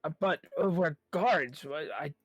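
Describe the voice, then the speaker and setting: A man's voice: a little high, unhurried, no echo, faint music behind. A man narrating a tabletop game as game master, hesitant and full of fillers while he voices guards and townsfolk. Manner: hesitant, with many fillers and restarts.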